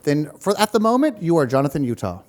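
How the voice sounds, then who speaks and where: A fairly high-voiced man running a tabletop game who chats casually with his players. He laughs often and keeps things joking. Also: sing-song, fast talker, darkish tone. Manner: giggly, joking. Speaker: game master. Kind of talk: casual chat, introducing players.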